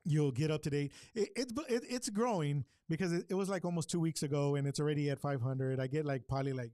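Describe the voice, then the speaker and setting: A man's voice: fairly high pitch, quick pace, warm tone, no echo, studio quality. A man with a Hispanic accent co-hosting a casual livestream chat, rambling and repeating himself in a chummy way. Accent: Hispanic English. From Hispanic heritage, Texas. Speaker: show co-host.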